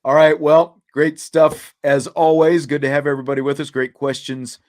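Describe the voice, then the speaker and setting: A man's voice: on the high side, level tone, moderate pace, a little mellow. A middle-aged man hosting a casual sports talk show, rambling with lots of "you know, like" fillers. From Kansas. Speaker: podcast host.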